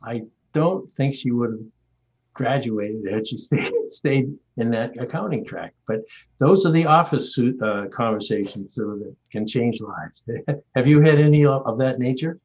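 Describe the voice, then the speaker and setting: An award-winning man from Maine in his seventies leads a reflective discussion over video call, his mid-range voice unhurried and a little mellow. He rambles and tells stories, often restarting, and the recording lacks high frequencies.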